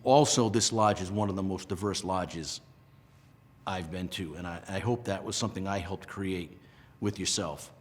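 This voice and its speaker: A middle-aged man from Rhode Island, talking earnestly and emotionally in a casual interview, with halting restarts. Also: deep voice, in a large hall. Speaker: interviewee, past lodge master.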